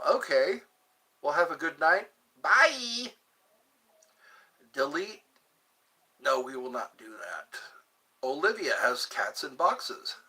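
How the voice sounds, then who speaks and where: A young man rambling excitedly on a live stream, chatting with viewers and reading out comments. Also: fairly high pitch, husky. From United States. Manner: rambling, excitable, breaks into sung bits. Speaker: livestream host.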